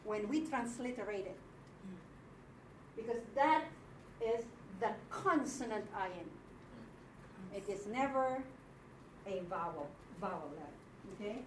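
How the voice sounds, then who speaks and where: A woman from the Philippines teaches a Hebrew class with patient explanations, checking in with her students as she goes. Her medium-pitched voice has lively intonation, a slow pace, and frequent pauses. A faint hiss or hum runs through the recording, made from far off in an echoey room.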